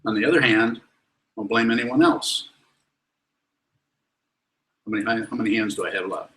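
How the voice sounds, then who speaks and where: A lowish, bright and forceful male voice, blunt and wry as he lectures and answers students. The sound is roomy, with echo filling the meditation hall around him. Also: moderate pace. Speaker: Buddhist teacher. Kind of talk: dharma talk with questions.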